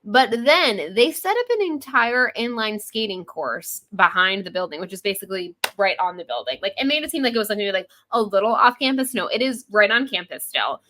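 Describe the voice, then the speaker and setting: Woman, 30s, podcast co-host; bright tone, lively swings, plays out quotes as she chats. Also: medium pitch, fairly quick, hardly any pauses. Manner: animated, laughing, acts out quotes. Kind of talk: casual chat.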